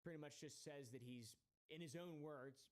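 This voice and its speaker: A man's voice: fairly high pitch, normal speed. Wry man in sarcastic stream commentary. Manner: wry, mocking asides.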